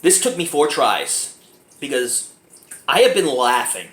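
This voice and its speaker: A man giving a casual movie review, animated and giggly, keeps breaking into laughter. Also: mid-range voice, unhurried. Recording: echoey room, faint background noise.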